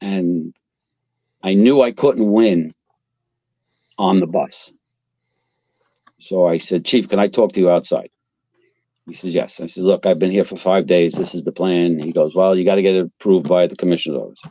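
A man's voice: sits low, normal speed, pauses often, no room sound. An older man from Queens, a retired fire captain telling blunt, profane stories as an interview guest. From Queens, New York. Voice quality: blunt, profane, animated storyteller. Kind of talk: casual storytelling interview. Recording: dull lo-fi sound.

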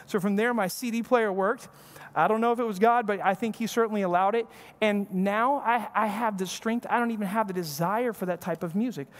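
With a high voice and a brisk pace, a male pastor preaches in a church sanctuary. He keeps things conversational, acting out short exchanges between family members, and church hall reverb is present.

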